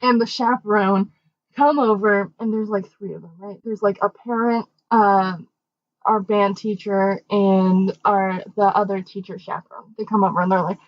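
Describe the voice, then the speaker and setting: A young woman co-hosting a podcast, telling a story casually and acting out the quoted voices with big jumps in pitch. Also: fairly even intonation, moderate pace, dry recording. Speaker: podcast co-host. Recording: dull, dry lo-fi mic.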